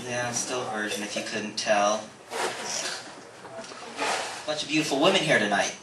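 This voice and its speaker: A young man doing a stand-up comedy set in a comedy club, deadpan and self-mocking. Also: mid-range voice, normal speed. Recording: echoey club recording from far off, very noisy.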